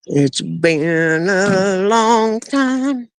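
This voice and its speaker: His voice sits high and sounds clear and resonant, expressive, with drawn-out words, captured in a dry recording. He's a vlogger rambling folksily to his dogs in country grammar during a sunrise live stream in his backyard and doorway.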